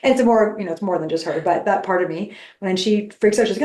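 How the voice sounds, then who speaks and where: A woman's voice: lowish voice, fast, few pauses, reverberant. A woman guest on a podcast, talking casually and acting out her own inner voice. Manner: animated, acts out her inner voice. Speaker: relationship expert guest.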